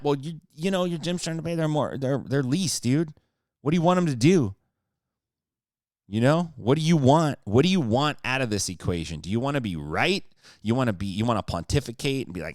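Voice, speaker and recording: A man's voice: medium pitch, very animated, a little fast, dry recording, clean studio sound. A man talking on a podcast in a casual, fired-up rant, swearing freely and slipping into sarcastic jokes. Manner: sarcastic joking. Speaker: podcast guest.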